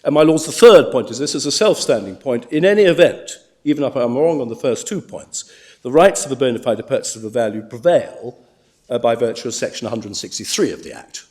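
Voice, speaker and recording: A man speaks as a barrister before the bench in a courtroom. His delivery is formal and deliberate, with frequent repeated words as he restarts his phrases. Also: medium pitch, a little mellow. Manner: measured, with frequent stammered restarts. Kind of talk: formal legal submissions.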